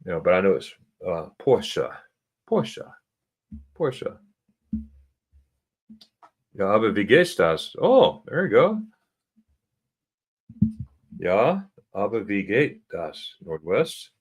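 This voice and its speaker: An American man hosting a casual livestream chat, reading viewer comments aloud and slowly sounding out German words. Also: sits low, big pitch swings, breathy edge. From United States. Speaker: livestream host. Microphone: computer mic for a livestream.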